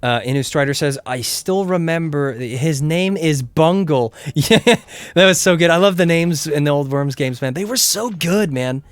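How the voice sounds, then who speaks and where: A man's voice: fairly high pitch, normal speed, no echo. A young man, rambling casually about gadgets and reading chat while he streams a game from home. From England. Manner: rambling, chatty, swears when the game goes wrong. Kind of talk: casual gameplay commentary.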